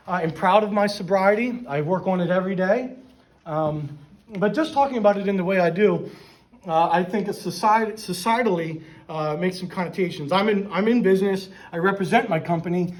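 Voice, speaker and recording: High-voiced man speaking casually to a church group. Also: poor audio. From Pennsylvania. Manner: informal, frequent "right?" and "um", self-restarts. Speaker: guest speaker at a men's church gathering. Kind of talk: casual, conversational talk to a small group. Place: church meeting room.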